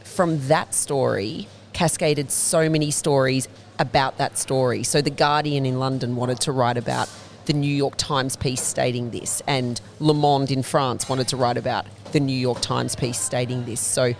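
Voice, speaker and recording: A woman's voice: rumbling low, steady tone, measured pace, gravelly, slight background noise. A woman, a bakery founder, telling fluent, detailed stories as a guest in a casual interview inside her bakery. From Australia.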